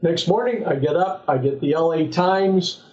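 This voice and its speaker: An older man from Southern California, a former pro football player, telling lively anecdotes as an interview guest, often restarting his sentences. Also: fairly high pitch, moderate pace. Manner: animated anecdotes with frequent restarts. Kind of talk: relaxed storytelling in an interview. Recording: echoey, slightly dull sound.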